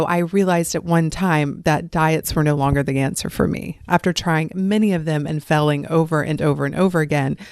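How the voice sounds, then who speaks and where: A woman from the American South, her accent faint, speaks in a lowish, darkish voice as she hosts a solo life-coaching podcast, earnestly encouraging her listeners. The recording is studio quality with no echo.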